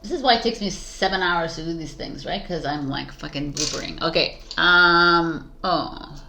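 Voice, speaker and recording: Speaking at a moderate pace in a lowish, bright, forceful voice, a woman tarot reader rambles chattily to her viewers on camera. Her casual spiritual talk is full of fillers and self-directed asides, with slight background noise.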